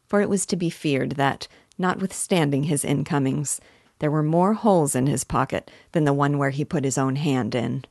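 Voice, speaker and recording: A woman with a low voice reads a classic novel aloud at a steady, measured pace. The recording is dry and close, with no room echo. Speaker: narrator. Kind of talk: audiobook narration of a classic novel.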